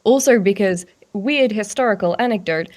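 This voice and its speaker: A woman's voice: medium pitch, moderate pace. A woman in a casual livestream chat, talking slangily with casual swearing. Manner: slangy, casually profane, animated.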